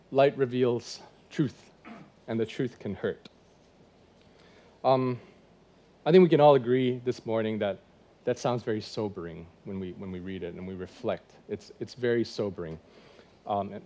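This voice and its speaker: Guy in his 40s preaching in church, warm mellow voice, talks to the crowd like a chat, lots of questions. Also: medium pitch. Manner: conversational preaching with rhetorical questions. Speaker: pastor. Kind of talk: sermon.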